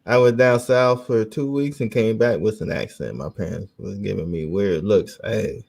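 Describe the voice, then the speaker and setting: A man hosting a casual podcast chat, telling stories in an animated, joking, slangy way. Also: fairly low pitch, normal speed, creaky. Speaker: podcast host.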